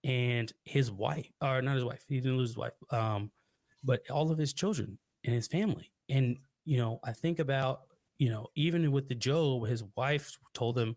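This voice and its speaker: A man's voice: medium pitch, normal speed, no echo. Earnest young man, dry close sound. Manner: earnest, reflective, many restarts. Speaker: podcast guest. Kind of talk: personal storytelling.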